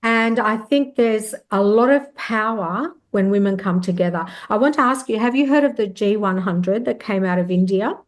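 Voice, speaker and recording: A woman, hosting a podcast interview, effusive and quick to affirm her guest. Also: mid-range voice. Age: 50s. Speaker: podcast host. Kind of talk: interview conversation.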